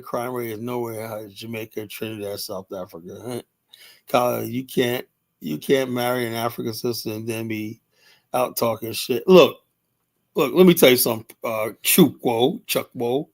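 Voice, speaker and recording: A man hosting a live stream, talking casually and rambling to his chat, often laughing. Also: mid-range voice.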